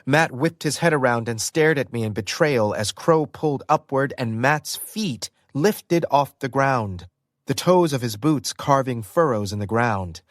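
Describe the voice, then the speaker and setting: A man reading a first-person audiobook in an expressive storytelling manner. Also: medium pitch, measured pace, no echo, clean studio sound. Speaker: audiobook narrator.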